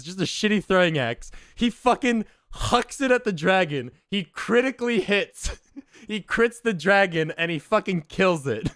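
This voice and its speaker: A man streamer excitedly telling a tabletop game story to his chat, swearing and laughing often. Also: high voice, clean tone, dry recording, studio quality.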